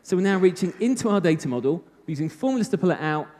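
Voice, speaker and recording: A man's voice: sits high, lively intonation, racing, dark tone. A British man giving a live technical talk at a conference, chatty with self-mocking humor. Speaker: conference speaker. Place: conference hall. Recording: reverberant hall.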